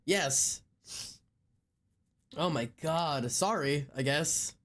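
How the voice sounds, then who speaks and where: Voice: medium pitch, very slow, fairly bright tone. A streamer chatting casually on a live stream, reading a long list aloud, often laughing and swearing.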